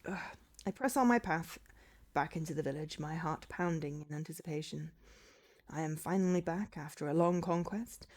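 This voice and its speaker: A woman's voice: sits low, normal speed, darkish tone. A woman voicing a proud young male warrior hero in a visual novel, grand and self-assured. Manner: grand, confident, slightly pompous. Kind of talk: visual novel read-aloud.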